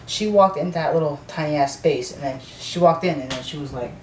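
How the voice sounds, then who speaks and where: A man tells a storytime rant for his vlog, rambling and swearing, full of fillers and restarts. His voice is a little high and a little fast, caught by a distant mic in an echoey room with faint noise.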